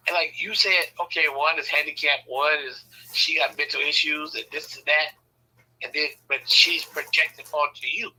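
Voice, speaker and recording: A man from Southern California telling personal stories in a casual, animated way, swearing freely and acting out the voices he quotes. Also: on the high side, moderate pace, slightly rough, poor audio. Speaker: speaker sharing personal stories. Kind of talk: casual storytelling.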